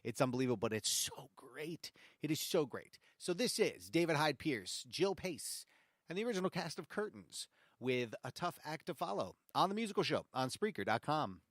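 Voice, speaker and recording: A man hosts a show-tune radio program, ranting playfully and then apologizing. His voice sits on the high side and swoops up and down a lot. It is recorded close and dry, with no room sound. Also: no room sound. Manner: animated and jokey, with mock-angry rants and quick apologies. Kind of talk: casual commentary on show tunes.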